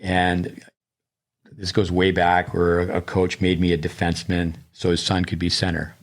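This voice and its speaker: A man's voice: low-pitched, completely flat delivery, a little slow. An older man, a tennis coach and podcast co-host, telling long digressive stories in casual chat, with many restarts.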